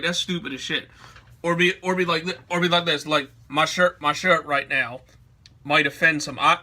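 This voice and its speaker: A man's voice: fairly high pitch, pushed and bright. Heated swearing man ranting. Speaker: vlogger. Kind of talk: profane ranting commentary.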